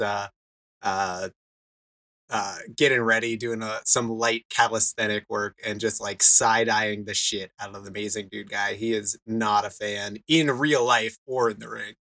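A man's voice: lowish voice, steady tone, moderate pace, pushed and bright, dry recording. A man playing a tabletop game who chats casually, jokes around and laughs easily. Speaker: player.

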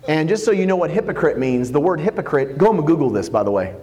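A man preaching a sermon, animated and jokey, acting out quotes as he goes. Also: on the high side, fast, big-room sound. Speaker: pastor.

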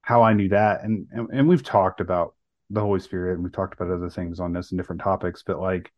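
A man's voice: deep voice, fairly even intonation, quick pace, dry recording, highs cut off. A man co-hosting a podcast, earnestly recounting a personal story in casual talk with many fillers and restarts. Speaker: podcast co-host.

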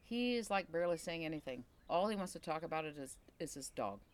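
A woman co-hosting a casual podcast chat, telling a story with lively acted-out quotes and sound effects. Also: sits low, fast. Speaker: podcast co-host.

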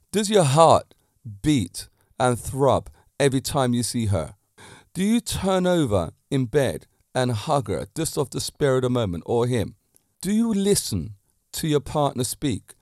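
A man's voice: mid-range voice, no room sound, clean studio sound. Chatty man preaching about romance. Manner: animated, preachy, full of rhetorical questions. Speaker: podcast host and fitness teacher. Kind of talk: solo podcast talk on romance. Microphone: handheld podcast mic.

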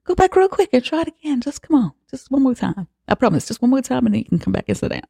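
The podcast host voicing a pushy grown man who keeps coaxing someone in a high, wheedling tone. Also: huge pitch swings, creaky, mellow, breathy edge, exaggerated voice. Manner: wheedling, repeats "just real quick".

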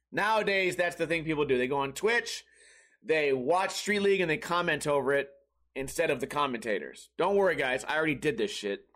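A man's voice: on the high side, a bit bright. A man in his thirties hosting a comedy podcast, telling rambling, profane stories and acting out the people in them. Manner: rambling, profane, mimics others in quoted bits. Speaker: podcast host. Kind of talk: casual comedic storytelling.

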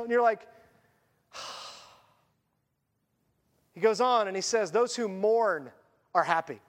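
A man delivering a sermon with a high, light voice. He preaches in a lively, conversational way and drops into quick voiced asides. A long reverb trails after his words in a reverberant church hall. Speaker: pastor.

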